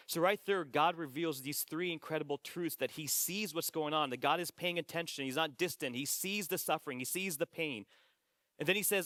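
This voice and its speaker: A man's voice: on the high side, bright, forceful tone, no echo, studio quality. Earnest male pastor preaching. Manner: earnest, repeats phrases, slows for quoted scripture. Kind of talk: sermon. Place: church sanctuary.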